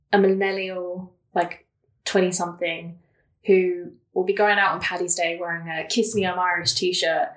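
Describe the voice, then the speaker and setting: A woman's voice: on the low side, fairly bright tone. A young woman telling stories in casual chat as a podcast guest, laughing often and full of fillers. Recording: roomy echo.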